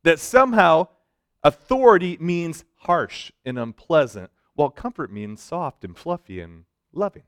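Male preacher with a lively, fairly high voice that jumps between booming emphasis and quiet asides. Clean, dry sound. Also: measured pace, clean tone, no room sound. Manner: swings between loud emphatic lines and soft hushed ones, with joking asides. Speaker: pastor speaking to students. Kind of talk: sermon.

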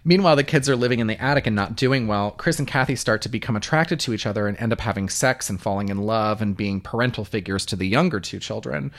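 A man co-hosting a casual podcast, recapping a movie plot in an animated, jokey, profane way. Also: on the low side, quick pace, few pauses. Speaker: podcast co-host.

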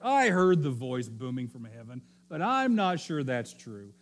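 A man voicing the devil as a sly, taunting male tempter who repeats his dares slowly in a sermon. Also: mid-range voice, big pitch swings. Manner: slow mocking challenge, repeated dares.

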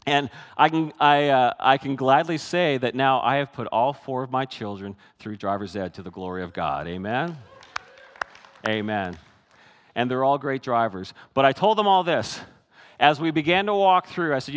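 A man's voice: medium pitch, normal speed. A middle-aged pastor preaches in an easy, conversational way and slips into the voices of the people he quotes. His voice sits in a middle register. Long reverb from a big church hall trails after each phrase. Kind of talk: sermon.

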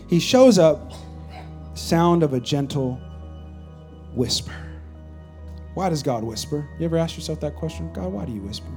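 A man preaching a sermon to his congregation, dropping to near-whispers and then rising to shouts, with call-and-response asides. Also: sits high. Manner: swings between hushed near-whispers and loud shouts. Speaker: pastor. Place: church stage with a live congregation.

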